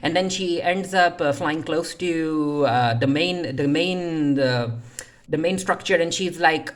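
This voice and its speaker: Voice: medium pitch, slow pace. A reviewer casually recapping a TV episode, retelling scenes loosely with lots of "uh" fillers and paraphrased lines. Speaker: TV series reviewer.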